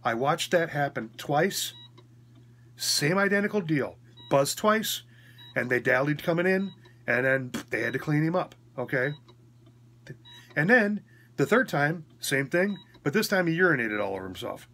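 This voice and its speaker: A man's voice: on the high side, expressive, measured pace, bright, forceful tone. A man recounting a story in a casual, frank and rambling way, often checking in with his listener, while recovering after a hospital stay. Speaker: vlogger.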